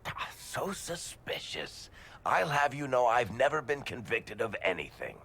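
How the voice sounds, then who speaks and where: Varric, a wry dwarf. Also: male voice, medium pitch, very animated, unhurried, fairly bright tone, slightly rough, exaggerated voice. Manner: dry, sardonic wit. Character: wry dwarf storyteller man, sardonic and cheeky.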